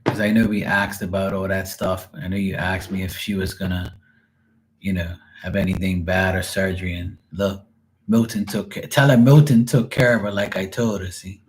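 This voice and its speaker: A man's voice: sits low, flat delivery, normal speed. A man who reads tarot, chatting on a livestream in a casual, profane way and laughing often. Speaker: tarot reader.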